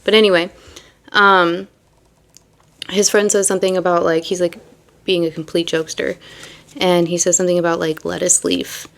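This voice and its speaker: A woman's voice: lowish voice, flat delivery, moderate pace, pauses often, a bit bright. A young woman reading tarot and chatting casually, rambling and full of fillers between card meanings. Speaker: tarot reader.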